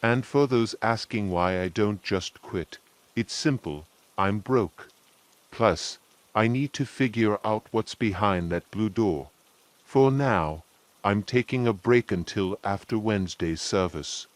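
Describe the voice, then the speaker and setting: Slow, low-voiced man narrating horror. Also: dry recording. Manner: slow, measured storytelling. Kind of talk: scripted first-person horror narration.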